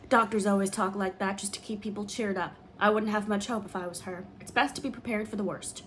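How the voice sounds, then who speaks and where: A woman's voice: medium pitch, steady tone, a little fast, a bit bright, a little hiss or hum, lightly acted. A woman reading an audiobook, voicing a grim, pessimistic woman of fifty-seven who talks with scorn. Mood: sour. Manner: scornful, grumbling.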